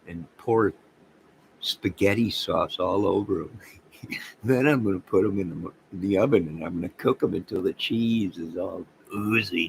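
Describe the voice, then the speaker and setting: Deep-voiced rambling man chatting on livestream. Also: gravelly, a little hiss or hum, poor audio. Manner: rambling, excitable, talks to viewers by name. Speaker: livestream host reading chat. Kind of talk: casual livestream chat.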